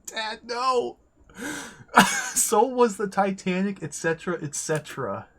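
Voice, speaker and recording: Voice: medium pitch, big pitch swings, unhurried, a bit bright. A streamer giving casual let's-play commentary, reading the on-screen game text aloud with wry asides and frequent chuckles. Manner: chuckles often.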